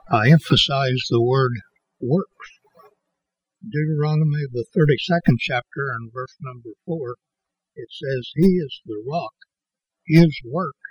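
Male preacher, slow and deliberate, slightly husky, dry close sound. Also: medium pitch, no room sound, muffled recording. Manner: slow and halting, with many restarts, leaning on certain words. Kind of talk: sermon.

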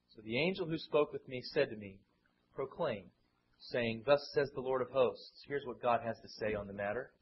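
A man's voice: mid-range voice, normal speed, a little hiss or hum. A man preaching an expository Bible sermon who acts out the voices he quotes with dramatic swings. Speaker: pastor. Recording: muffled lo-fi sermon recording.

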